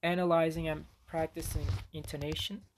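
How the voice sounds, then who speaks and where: A man's voice: fairly high pitch, flat delivery, moderate pace, slight background noise. A man with a Turkish accent, a native Turkish speaker, giving a casual recorded lesson with frequent fillers and restarts. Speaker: language teacher. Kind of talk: recorded lecture on pronunciation.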